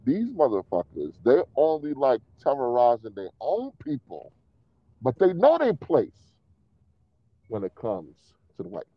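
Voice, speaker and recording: A man's voice: mid-range voice, wildly swooping pitch, a little slow, no echo. Heated provocative man on a lo-fi mic. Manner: provocative, heated, repetitive, laughs at own claims. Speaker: podcast co-host. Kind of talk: casual argumentative chat.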